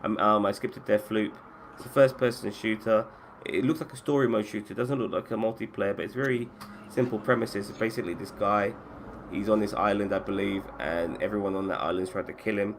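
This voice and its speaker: A man's voice: on the low side, brisk, a little hiss or hum. A man hosting a podcast and running a casual chat about video games, swearing freely and often restarting his sentences. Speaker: podcast host.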